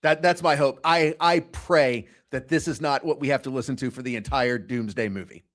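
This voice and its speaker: A man co-hosting a podcast in casual chat, often halting and restarting his sentences. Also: mid-range voice, a bit bright. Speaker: podcast co-host.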